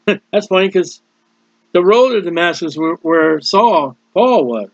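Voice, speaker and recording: A man's voice: sits high, animated, takes it slowly, long pauses, no room sound. A man preaching a sermon, explaining scripture plainly and reading out the verses in turn. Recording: dull dry lo-fi recording.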